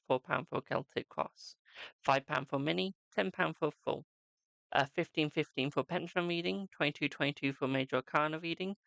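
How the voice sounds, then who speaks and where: A man's voice: on the high side, creaky, sharp tone, clean tone, dry recording. A man with a British accent giving live-stream tarot readings in a chatty way, calling viewers "my darling". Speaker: tarot reader.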